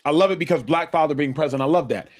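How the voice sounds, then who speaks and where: A man's voice: fairly high pitch, fast. A man on a sports debate show, making provocative points with folksy analogies. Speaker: sports TV panelist.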